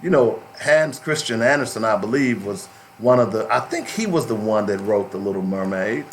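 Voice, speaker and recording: A man's voice: fairly low pitch, expressive, moderate pace, slight background noise. A middle-aged man hosting a talk radio show, speaking in an emphatic, preachy way and repeating phrases for stress.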